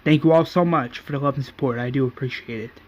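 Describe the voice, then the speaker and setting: A man's voice: medium pitch, fast talker, lo-fi sound, a little hiss or hum. A man casually recapping an episode as a YouTuber, linking events in a long run-on stream. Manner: run-on narration chaining events with "and then". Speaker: YouTuber recapping a fan series.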